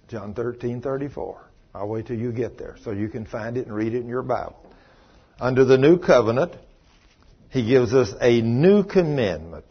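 Husky folksy preacher, lively pitch. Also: male voice, normal speed. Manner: folksy storytelling, voices others in high falsetto. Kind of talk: sermon with acted-out dialogue. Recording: dull lo-fi sermon recording.

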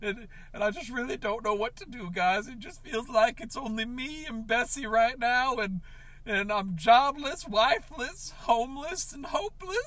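A man ranting in a comedic confessional vlog, overwrought and tearful, breaking into sobs and shouts. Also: very high-pitched, normal speed, dry recording. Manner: overwrought, sobbing and shouting in bursts. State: tearful, on the verge of crying. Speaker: comedic vlogger.

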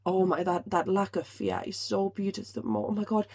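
Emotional woman, husky voice. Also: medium pitch, sing-song, normal speed, a little mellow. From Finland. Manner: emotional, swears freely, many restarts. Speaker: podcast host. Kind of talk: casual solo podcast talk.

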